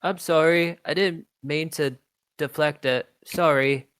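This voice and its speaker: A tabletop game master voicing a dim, gentle, apologetic female earth elemental who keeps saying sorry. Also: medium pitch, steady tone, a little slow, clear, resonant tone, no room sound, clean studio sound, pitched above the performer's own voice, natural voice. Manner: meek, polite, keeps apologizing.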